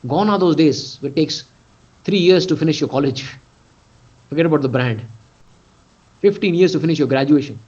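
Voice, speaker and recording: Emphatic Indian English coach, lo-fi. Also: male voice, fairly high pitch, moderate pace, long pauses, a little mellow. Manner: emphatic, repeating phrases for stress. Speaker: mentor and coach. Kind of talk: motivational webinar talk. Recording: lo-fi webinar audio.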